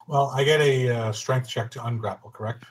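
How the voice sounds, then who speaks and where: A man's voice: medium pitch, brisk. A man playing in a tabletop game, casually chatting and asking careful questions about the rules. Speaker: player.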